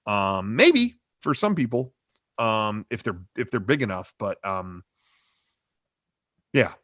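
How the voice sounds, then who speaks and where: A man's voice: on the low side, big pitch swings, slow pace, fairly bright tone, no room sound, studio quality. A middle-aged man, a comedy video creator, answering interview questions over a video call in a rambling way full of fillers. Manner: rambling, hedging, many "you know" fillers. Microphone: desk microphone on a cable.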